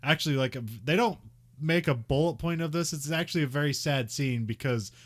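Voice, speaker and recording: A man's voice: a little high, a little fast. A man casually recapping a movie on a podcast, laughing often and slipping into mock voices for the characters. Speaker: podcast co-host.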